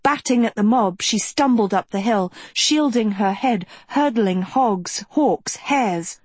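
Woman audiobook narrator, high-ish, unhurried, dramatic. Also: expressive, slightly rough, dry recording. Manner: measured, dramatic storytelling. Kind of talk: scripted narration.

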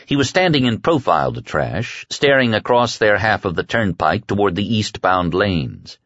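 A man reading an audiobook in a measured, dark storytelling manner. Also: on the low side, very animated, no echo. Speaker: audiobook narrator. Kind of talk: scripted audiobook narration. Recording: dry dull lo-fi audio.

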